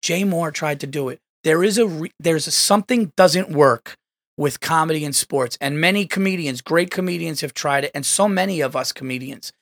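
A man hosting a podcast, telling stories in casual chat, animated and swearing freely as he acts out quotes. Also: a little high, moderate pace, no echo, clean studio sound. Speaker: podcast host.

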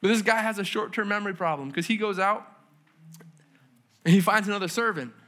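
A man's voice: high voice, a little fast, a bit bright. A man preaching a sermon at a church service, talking in a casual, conversational way with slang and questions to the congregation. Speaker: pastor.

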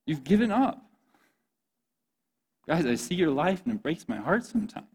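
A man's voice: on the high side, sing-song, normal speed, a little mellow, husky. A man giving an earnest, impassioned sermon as a youth pastor, often speaking to his listeners as "guys.".

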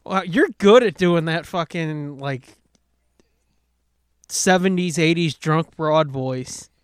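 A man's voice: on the high side, takes it slowly, clean tone, dry recording, clean studio sound. A man co-hosting a casual movie commentary, joking, swearing and laughing often. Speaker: podcast co-host.

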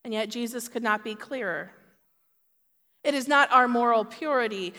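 Woman, sermon, measured and earnest, slightly high voice, long hall reverb. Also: a bit bright. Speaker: preacher.

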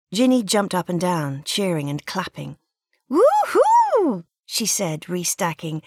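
A woman reading an audiobook in a measured, even storytelling manner. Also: on the low side, gravelly, dry recording, studio quality. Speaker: audiobook narrator. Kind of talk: scripted audiobook narration.

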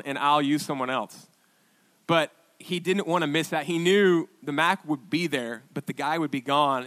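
A man preaching a sermon as pastor, telling stories in a chatty, halting way with restarts and quoted dialogue. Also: on the high side, fairly bright tone. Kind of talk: conversational sermon storytelling.

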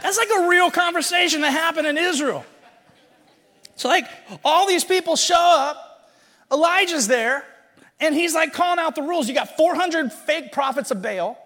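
A man preaching a sermon in a casual, animated storytelling way, full of slang and humor. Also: extremely high pitch, normal speed. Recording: long hall reverb.

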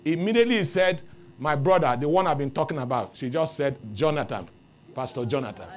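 A man preaching a sermon, telling a story with lively rises into loud exclamations. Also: fairly high pitch, a little fast. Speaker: pastor.

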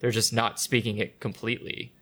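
A man's voice: on the low side, flat delivery, a little fast, fairly bright tone. A man in casual chat, bluntly arguing his opinions and talking over the others.

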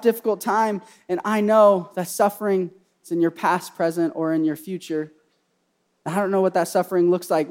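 A young man preaching a sermon, repeating key phrases and swinging from hushed personal storytelling to loud, fervent cries. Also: sits high, fairly even intonation, normal speed. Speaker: pastor.

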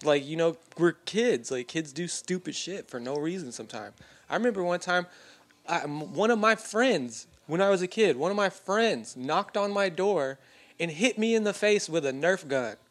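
A man's voice: high voice, expressive, normal speed. Chatty young man telling rambling stories. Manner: rambling storyteller, lots of "like" and swearing. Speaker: podcast co-host. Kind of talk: casual chat.

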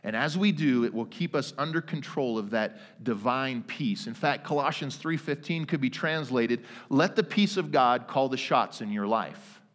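A man's voice: medium pitch, animated, normal speed, hardly any pauses, fairly bright tone. Pastor guy preaching, earnest and emphatic, long church echo. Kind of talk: sermon. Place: church sanctuary. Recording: long reverb of a church hall.

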